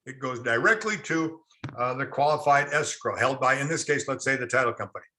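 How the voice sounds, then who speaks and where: A man's voice: mid-range voice, a little fast, bright, forceful tone. A man teaching a real estate class online, explaining through stories and quizzing students in chat. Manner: storytelling, quotes people in acted asides, quizzes the class.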